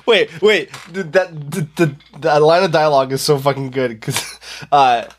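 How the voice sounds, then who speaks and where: A man's voice: on the high side, steady tone, normal speed. A young man co-hosting a casual horror movie podcast, amused and recounting scenes. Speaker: podcast co-host.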